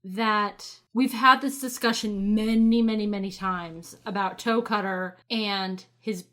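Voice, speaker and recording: A woman's voice: medium pitch, steady tone, unhurried, a bit bright. A woman co-hosting a podcast in thoughtful, explanatory casual chat. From United States. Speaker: podcast co-host.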